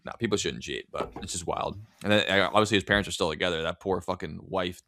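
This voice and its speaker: A man co-hosting a podcast in casual chat, animated and swearing as he reads out internet stories. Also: low-pitched, quick pace, no echo, clean studio sound. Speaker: podcast co-host.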